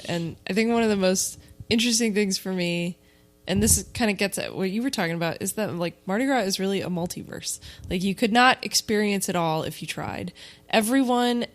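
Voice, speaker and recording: A woman co-hosting a podcast in casual chat, reflecting thoughtfully and swearing now and then. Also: fairly low pitch. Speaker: podcast co-host.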